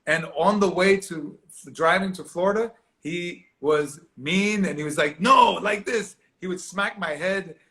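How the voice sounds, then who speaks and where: Animated man telling a story. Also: high-pitched, measured pace. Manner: animated, acts out quoted voices, laughs often. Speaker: actor guest. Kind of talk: storytelling interview.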